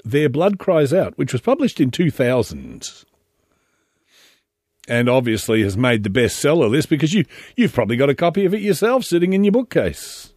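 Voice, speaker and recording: A man's voice: mid-range voice, darkish tone, breathy edge, dry recording, studio quality. An Australian man hosting a casual solo monologue, chatty and rambling, often breaking off to restart his sentences. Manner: rambling and chatty, with many self-interruptions and restarts.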